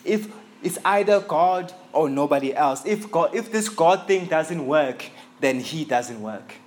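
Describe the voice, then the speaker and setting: A man's voice: on the high side, animated, unhurried. A man from Africa, preaching a sermon as a visiting pastor in an earnest, emphatic way, repeating key phrases for stress. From South Africa. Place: church in England.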